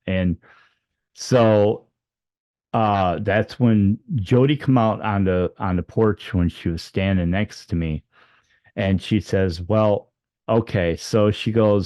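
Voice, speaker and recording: A man recounts his near-death experience off the cuff, rambling with plenty of fillers and restarts, and raising his pitch to act out the quoted dialogue. His voice is clear, resonant and a little mellow, slow and fairly even in intonation, with no echo.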